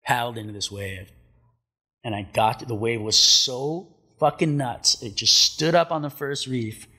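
Laid-back husky-voiced man telling stories. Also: medium pitch, a little slow, pushed and bright. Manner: laid-back, swears a lot, acts out quotes. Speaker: podcast guest, pro surfer. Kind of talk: casual storytelling. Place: studio.

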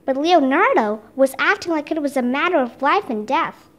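A woman's voice: sits high, animated, normal speed, fairly bright tone. Woman voicing an earnest young boy. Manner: helpful, earnest. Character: curious, careful young boy. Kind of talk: reading a children's book aloud.

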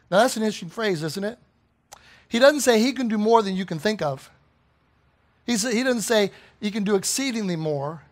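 A man delivers a sermon as pastor in a church, his voice pitched high for a man. He preaches with fervent emphasis and presses his points with a string of rhetorical questions. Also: animated, normal speed. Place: church sanctuary.

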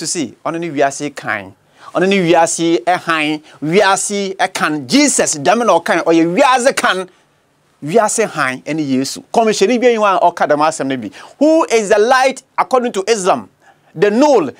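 A man with a Ghanaian accent preaching Christian apologetics, emphatic and prone to repeating his declarations for force. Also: sits high. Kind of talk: apologetics preaching mixing English and Akan.

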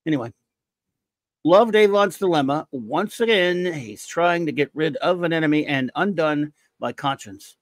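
An excitable podcast host rambles through listener reviews at a moderate pace, breaking into jokes and the odd shout. His voice sits a little high for a man, and the sound is dry with no room echo.

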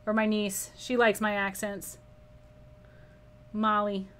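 Bright-voiced chatty woman teaching painting. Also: mid-range voice, level tone, slow. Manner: chatty, laughs often, reads viewer comments aloud. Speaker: art instructor. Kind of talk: live painting lesson with chat.

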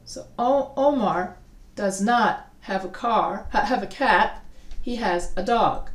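Slow, deliberate woman teaching grammar. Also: mid-range voice. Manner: reads word pairs aloud slowly and deliberately, with asides. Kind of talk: recorded classroom-style lesson. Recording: echoey room, mic set far off.

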